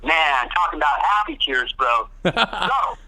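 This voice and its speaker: A man's voice: fairly high pitch, unhurried, low-quality recording. A man telling studio stories in a casual interview, swearing freely and acting out what others said. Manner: animated, swearing, acts out quotes in other voices. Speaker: guest guitarist.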